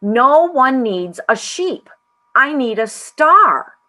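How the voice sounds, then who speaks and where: A gentle, unseen divine voice directing a play, as a woman reader puts it on, asking tender, coaxing questions. The voice is bright and clear, with a lively rise and fall, and it takes its time. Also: fairly high pitch, measured pace, pitched above the performer's own voice, exaggerated voice, low-quality recording. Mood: booming.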